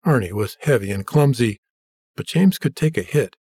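A man narrates a story at an even, measured pace. His voice has a husky edge, and the recording is dry and close with no room sound. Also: medium pitch, no echo. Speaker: audiobook narrator. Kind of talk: scripted narration.

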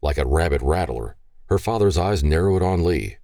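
Deep, expressive male narrator for audiobook fiction. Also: normal speed, no room sound, clean studio sound.

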